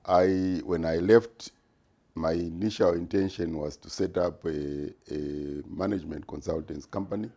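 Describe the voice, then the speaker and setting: A man in his sixties, a retired business executive answering interview questions in a measured, deliberate way with frequent pauses. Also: low-pitched, fairly even intonation, dark tone. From Zimbabwe. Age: 60s.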